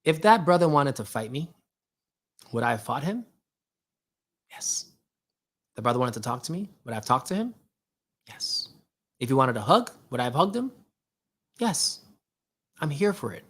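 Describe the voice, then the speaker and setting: A man's voice: medium pitch, sing-song, moderate pace, long pauses, fairly bright tone. Man preaching with rhetorical questions. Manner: preachy, rhetorical questions, addresses listeners directly. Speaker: host. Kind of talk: casual motivational talk.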